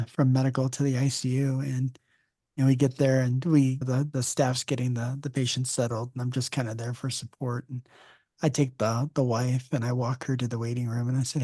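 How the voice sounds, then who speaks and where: A male podcast host in a casual interview, telling relaxed stories with jokes. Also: medium pitch, normal speed, no echo, studio quality. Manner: relaxed storyteller who jokes.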